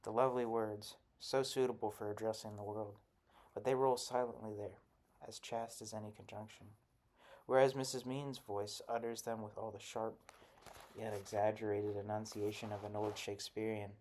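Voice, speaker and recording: A man narrating a literary short story in a measured, even reading. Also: lowish voice. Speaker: audiobook narrator.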